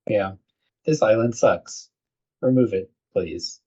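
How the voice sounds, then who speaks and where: A man co-hosting a casual podcast chat, jokey and quick to act out characters. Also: fairly low pitch, warm tone, slightly rough. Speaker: podcast co-host. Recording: dull lo-fi recording.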